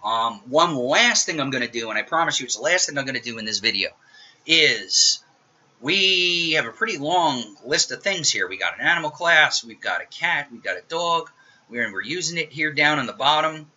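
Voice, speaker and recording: This recorded screencast lecture has a middle-aged programming instructor casually joking his way through his code at a moderate pace. His fairly high voice sounds expressive, pushed and bright, though the audio itself is dull and lo-fi.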